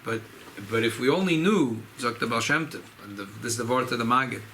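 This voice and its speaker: A rabbi, speaking informally at a farbrengen gathering, often repeating and restarting phrases. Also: male voice, medium pitch, expressive, a little fast, a bit bright, slight background noise, rough recording. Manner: repetitive, restarts phrases, mixes Yiddish and Hebrew terms. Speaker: rabbi giving a farbrengen talk. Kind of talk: informal Chassidic talk at a gathering.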